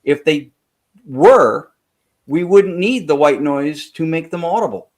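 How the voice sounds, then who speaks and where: A man's voice: a little high, slow, a little mellow. Man explaining technical ideas at length. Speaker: podcast guest. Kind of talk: casual chat.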